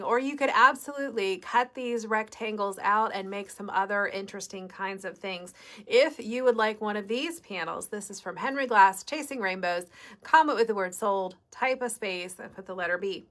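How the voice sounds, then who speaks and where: A woman's voice: medium pitch, a bit bright. A woman with a Midwestern American accent hosting a live shop sale, chatty and upbeat, explaining step by step. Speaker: quilt shop host.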